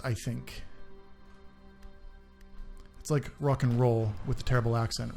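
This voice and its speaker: A man's voice: medium pitch, fairly even intonation, a little slow, pauses often, warm tone, faint music behind. A man hosting a gaming channel, giving casual let's-play commentary on a strategy game, thinking aloud and often trailing off mid-sentence.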